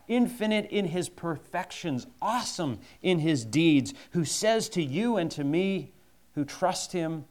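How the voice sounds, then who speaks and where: A man preaching a sermon, slow and emphatic, repeating key phrases for force. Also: on the high side, lively intonation, darkish tone.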